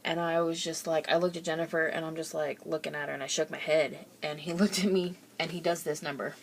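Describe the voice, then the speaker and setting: A young woman vlogging, telling a family story in a lively casual way, laughing often and acting out the quoted voices. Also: deep voice, brisk, slight background noise.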